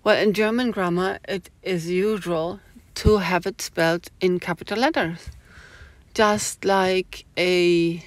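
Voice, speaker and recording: A woman's voice: fairly low pitch, gravelly, dry recording. A woman talking casually to her phone camera in a rambling, opinionated monologue full of asides. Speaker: vlogger. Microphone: small phone camera.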